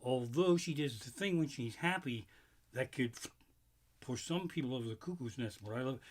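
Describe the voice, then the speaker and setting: A middle-aged man doing loose, profane stand-up, rambling and animated as he tells stories. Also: medium pitch, normal speed. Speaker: stand-up comedian. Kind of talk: solo live-streamed stand-up.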